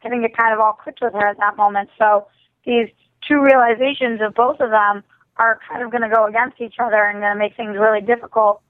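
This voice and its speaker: A woman's voice: on the high side, fairly even intonation, a little fast, no room sound. A woman co-hosting a casual podcast about a TV drama, thoughtful and a little hesitant. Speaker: podcast co-host. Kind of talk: casual TV recap chat. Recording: tinny phone line.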